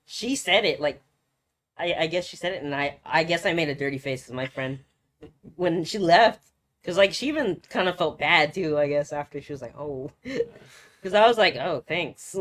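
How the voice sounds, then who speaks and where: A man's voice: fairly high pitch, moderate pace. A young man co-hosting a podcast, telling stories in a loose, swearing, self-mocking way. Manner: animated, swearing storyteller, laughs at himself. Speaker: podcast co-host. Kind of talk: casual chat.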